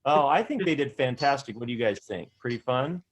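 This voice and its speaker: A man with a mid-pitched voice teaching an improv class over a video call. He is encouraging and organizes the groups in a hesitant way, full of fillers. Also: expressive, a little fast, slight background noise. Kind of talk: online class instruction.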